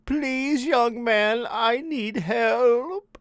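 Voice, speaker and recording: A man voicing a snow hag who fakes the voice of a frail old woman, pleading in a quavering falsetto. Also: very slow, dry recording, heavily acted. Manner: quavering high falsetto plea. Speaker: podcast co-host.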